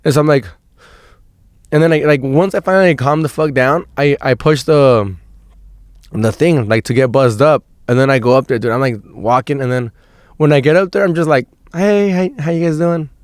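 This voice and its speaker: A man's voice: medium pitch, moderate pace, no echo. Young man, podcast host, casual storytelling, slangy and rambling, dry close sound. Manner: rambling, slangy, says "dude" a lot, swears.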